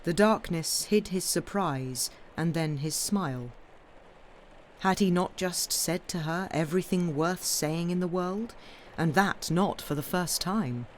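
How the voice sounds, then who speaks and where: A woman reading a sea story aloud in a measured way, now and then stumbling and correcting herself. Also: lowish voice, a little hiss or hum. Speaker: reader. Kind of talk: audiobook-style story reading, livestreamed.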